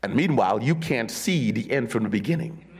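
A man preaching a sermon as pastor, his voice swinging from sung high calls down to low, quiet murmurs. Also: expressive, fairly quick, slightly rough.

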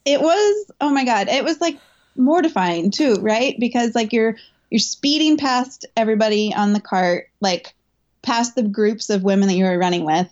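A woman's voice: fairly high pitch, animated, normal speed, a little mellow, muffled recording. A woman runner and coach recounting a race in an interview, talking in a candid, emotional way full of fillers and restarts. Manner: chatty, filler-heavy, emotional retelling. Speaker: elite marathon runner and coach.

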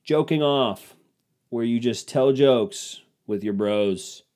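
A man's voice: lowish voice, slow, dark tone. A young man hosting a podcast, riffing in a rambling, self-mocking, crude comedic monologue. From Cleveland, Ohio. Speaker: podcast host.

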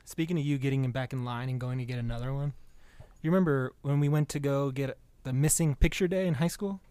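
A man's voice: medium pitch, quick pace, dark tone, smooth, no echo. A man on a casual podcast, reminiscing and prompting an old friend's story. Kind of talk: casual chat.

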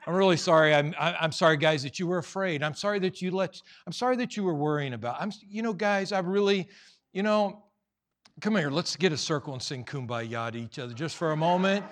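A man's voice: fairly high pitch, brisk, voice pushed up, lightly acted. A man voicing a tired, fawning man who keeps apologizing. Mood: apologetic. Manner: gushing apologies.

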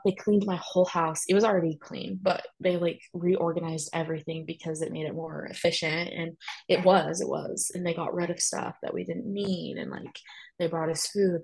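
A woman's voice: on the low side, gravelly, darkish tone, breathy edge, poor audio. A young woman telling a personal story in a chatty way, full of "like" and emphatic asides. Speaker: guest sharing a personal story.

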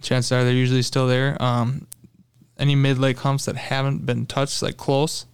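A young man, a guest angler, excitedly retelling a fishing trip in casual talk, with lots of fillers. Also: mid-range voice, normal speed, smooth. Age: young adult. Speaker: podcast guest, tournament angler. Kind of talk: casual storytelling.

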